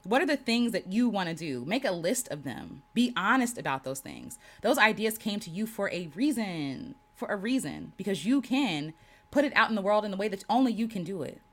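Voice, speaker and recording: A woman talks straight to her livestream viewers as a creative coach. She is affirming and animated, repeats her key lines for emphasis, and laughs easily, with a lively, swooping pitch. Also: brisk. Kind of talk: casual livestream talk.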